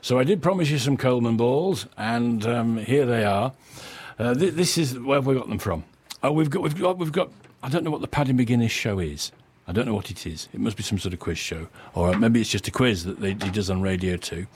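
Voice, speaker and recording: A man's voice: medium pitch, lively intonation, a little fast, a little mellow, slightly rough. A man in his sixties presenting a casual radio show, rambling and chuckling at his own material. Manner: rambling, self-amused, chuckling often.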